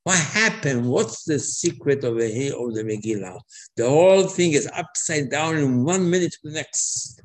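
A man teaching a religious lesson in a lively storytelling way, acting out dialogue and repeating his words for emphasis. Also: fairly high pitch, normal speed.

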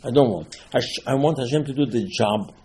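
A man's voice: mid-range voice, moderate pace, warm tone, close to an everyday voice. A man voicing a humble male prophet who insistently refuses a task, quoted within a Torah lesson. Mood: refusing. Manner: insistent, pleading.

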